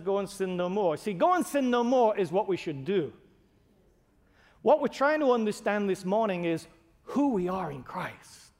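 Male pastor, high voice, earnest emphatic sermon delivery in a church sanctuary. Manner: emphatic, earnest, builds to raised stresses. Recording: long hall reverb.

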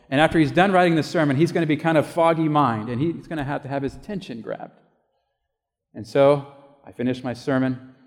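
A male pastor with a mid-range, somewhat dark voice preaches a sermon, telling a personal story conversationally and acting out the voices of the people in it. The recording has a long hall reverb.

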